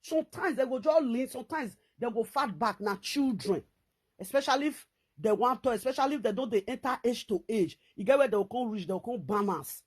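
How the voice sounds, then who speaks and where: A middle-aged woman with a Nigerian Pidgin accent, ranting to camera in a scolding, repetitive, animated way as a vlogger. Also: on the high side, fairly quick, slightly rough.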